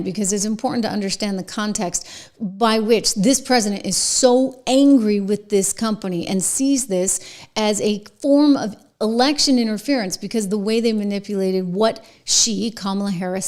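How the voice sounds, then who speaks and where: A woman's voice: mid-range voice, darkish tone. A woman hosting an opinionated news commentary show, talking in an emphatic, sarcastic, conversational way. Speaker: host.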